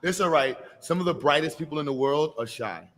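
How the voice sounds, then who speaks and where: A man's voice: on the high side, a little fast, background noise. A man hosting a live expo, coaxing a child with playful, hype-filled encouragement. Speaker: event host. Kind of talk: energetic live event hosting.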